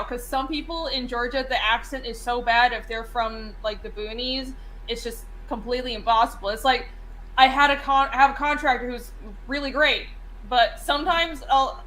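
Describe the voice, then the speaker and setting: Bright high-voiced chatty woman. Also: fairly even intonation, moderate pace, slight background noise, poor audio. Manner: chatty, rambling with many fillers. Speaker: co-host. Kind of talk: casual stream chat.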